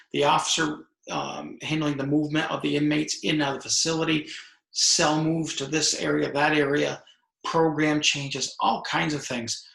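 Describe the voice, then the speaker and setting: Gravelly, bright-voiced man telling stories. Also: on the high side. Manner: storytelling, acts out dialogue, many restarts. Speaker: author and retired correctional officer. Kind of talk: conversational interview answers. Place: home room over video call. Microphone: video call. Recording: echoey video call room.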